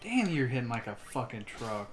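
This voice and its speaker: A man's voice: mid-range voice, big pitch swings, moderate pace. A young man casually chiming in and joking while a friend plays a game. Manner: joking, chimes in. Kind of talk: casual gameplay commentary. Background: game music.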